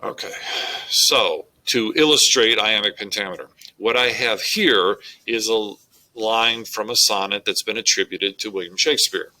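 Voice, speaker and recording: A man, teaching a recorded lesson on poetic meter in a slow, deliberate way with frequent fillers. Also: on the low side, pushed and bright, low-quality recording.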